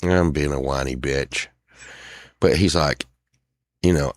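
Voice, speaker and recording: A middle-aged man talks in a deep, low voice, rambling through a casual venting monologue on his own show. He keeps acting out what other people say to him. The sound is dry and close, with no room echo. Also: slow. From Texas. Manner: sings a few lines softly. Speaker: show host.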